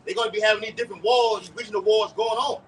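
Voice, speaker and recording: A man preaching live outdoors and leading the teaching, with a lively, repetitive delivery, calling on others to read verses. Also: high voice, very fast. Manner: animated, repeats words, calls for scriptures. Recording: distant mic with faint street noise.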